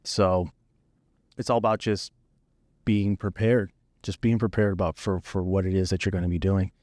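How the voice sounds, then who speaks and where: A man, a videographer guest, telling stories of his work in a relaxed, conversational way on a podcast. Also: deep voice, moderate pace, no room sound, studio quality. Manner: relaxed storytelling, easy and conversational. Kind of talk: casual podcast chat.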